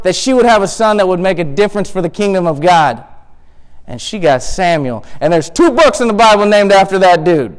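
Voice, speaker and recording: High-voiced, impassioned preaching man. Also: lively intonation, normal speed, long pauses, clear, resonant tone. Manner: impassioned, rhetorical questions, rises to near-shouting. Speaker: pastor. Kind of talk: sermon.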